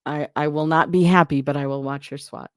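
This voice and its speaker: With a deep, steady voice and a slightly quick pace, a woman hosts a live stream, responding to viewer comments in a rambling, casual manner punctuated by frequent laughs and breaks. The recording is dry and studio-clean.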